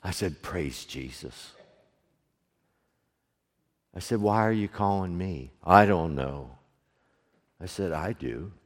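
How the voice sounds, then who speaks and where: A man's voice: low voice, animated, slow pace, long pauses. Preaching man in a reverberant church. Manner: swings from hushed storytelling to loud preaching. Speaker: pastor. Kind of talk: sermon. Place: church sanctuary, also streamed online. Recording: long hall reverb.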